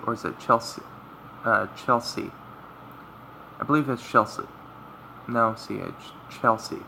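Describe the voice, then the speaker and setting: Low gravelly guy reading a visual novel out loud, rambly asides, ac humming behind. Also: a little slow, long pauses, slight background noise, rough recording. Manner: rambling, self-correcting, chatty asides to viewers. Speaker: let's play gamer. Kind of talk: reading a visual novel aloud with casual commentary.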